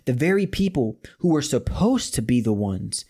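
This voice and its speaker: A young man preaches a sermon, and his pitch sits at an everyday, middle level. He slips into relaxed slang when he retells the scripture, talking like he would to friends. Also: normal speed, husky. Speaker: pastor.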